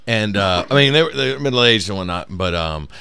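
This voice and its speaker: A man's voice: fairly low pitch, animated, fairly quick, creaky, pushed and bright, clear, resonant tone, no echo. A man casually telling a funny road story on a podcast, laughing through the punchlines.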